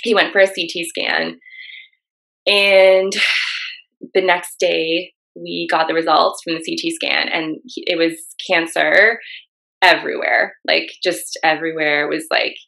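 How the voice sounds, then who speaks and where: A young woman shares her story of loss on a talk show she co-hosts. Her voice sits low and carries a steady gravelly fry. She talks candidly and emotionally, sprinkling in "like" as she goes. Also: unhurried, rough recording. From Canada. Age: young adult. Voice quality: frequent "like" fillers, emotional storytelling. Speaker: co-host. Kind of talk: candid conversation about grief.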